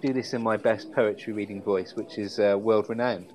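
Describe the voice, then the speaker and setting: A man co-hosting a podcast, chatting casually and telling stories with a relaxed, relishing delivery. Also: fairly low pitch, normal speed, rough recording. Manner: relaxed storytelling, savoring quotes. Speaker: podcast co-host. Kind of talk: casual chat.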